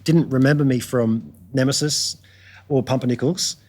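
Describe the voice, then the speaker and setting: A man's voice: medium pitch, steady tone, normal speed, darkish tone. Australian man, casual podcast storytelling, laid-back, slangy, frequent ums and restarts. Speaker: guitarist guest.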